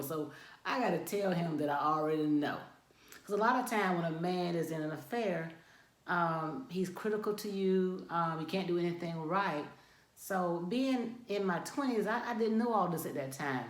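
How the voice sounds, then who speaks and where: A middle-aged woman, a divorce coach, telling a personal story in an animated way and laughing often as she speaks. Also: on the low side. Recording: echoey room.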